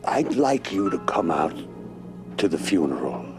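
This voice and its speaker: Brief: a deep-voiced stubborn older Irish man, rueful, with a wide-ranging delivery. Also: very animated, unhurried, over music, heavily acted. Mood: somber. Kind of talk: scripted TV drama acting.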